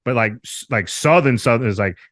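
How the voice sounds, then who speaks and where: A man's voice: mid-range voice, brisk, a bit bright, dry recording, clean studio sound. A man from Alabama, a podcast guest chatting casually, rambling with frequent laughs and loose swearing. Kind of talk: casual interview chat.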